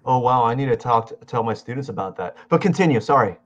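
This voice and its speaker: An art teacher hosts a casual interview with an artist, joking playfully and often stammering and restarting his questions. He speaks fast with a medium pitch and lively intonation, and the lo-fi audio sounds dull.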